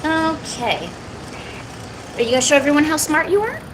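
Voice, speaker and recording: A woman's voice: high voice, lively intonation, normal speed, noisy background. A woman chatting casually on her art live stream, talking to viewers and cooing at her cat between drawing. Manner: chatty, coos baby talk to her cat.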